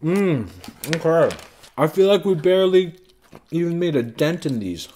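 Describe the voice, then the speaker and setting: A man in his thirties hosting a family vlog, chatting gently and patiently with his child between bites of food. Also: fairly high pitch, big pitch swings, normal speed, a little hiss or hum. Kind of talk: casual family chat while eating.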